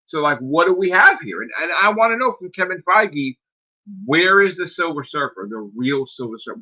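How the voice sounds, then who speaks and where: A man hosts his own streamed talk show in a loose, profane rant. He keeps piling up rhetorical questions and fillers, sounding exasperated. The recording is a bit dull and lo-fi. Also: fairly high pitch. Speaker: podcast host. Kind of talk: casual rant. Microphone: streaming microphone.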